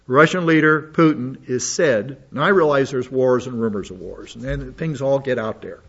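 A man's voice: medium pitch, normal speed, vocal fry, fairly bright tone, husky. A man reading news articles aloud and adding his own comments and asides. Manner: reads aloud with asides and restarts. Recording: dull lo-fi audio.

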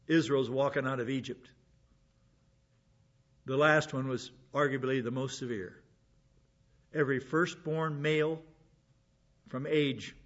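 A man's voice: medium pitch, dull audio. A man giving an informal Bible lesson, chatting along, repeating words and asking rhetorical questions. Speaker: Bible teacher.

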